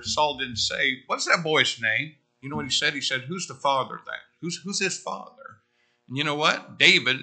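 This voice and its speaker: A middle-aged male preacher gives a sermon in a church. His voice is sharp and forceful, mid-pitched, and he talks to the congregation in a chatty, storytelling way, full of asides.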